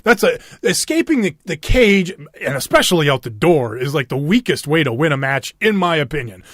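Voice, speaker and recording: Man, late 30s, Minnesota accent, slightly high voice, dry close sound, rambling casual podcast co-host. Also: big pitch swings, moderate pace, fairly bright tone, no echo. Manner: rambling, self-interrupting, chuckling. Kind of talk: casual chat.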